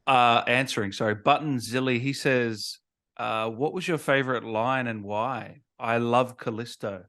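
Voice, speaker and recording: A man hosting a gaming podcast, putting relaxed questions to a guest and reading out fan questions. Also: medium pitch, measured pace. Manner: brief agreeing interjections, relaxed. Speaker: podcast host. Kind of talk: casual interview chat.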